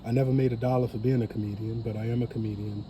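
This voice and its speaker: New man, earnest vlog host, deep mellow tone, faint background hiss. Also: steady tone, racing. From New Orleans. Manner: earnest, motivational, repeats phrases. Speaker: family channel creator. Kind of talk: casual vlog talk to camera.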